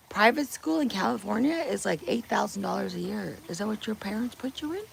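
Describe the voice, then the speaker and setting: A woman's voice: on the high side, expressive, brisk, gravelly, few pauses, husky. Blunt, foul-mouthed woman streaming from home. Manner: blunt, profane, teasing chat. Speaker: livestream host. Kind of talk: casual livestream chat. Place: home kitchen.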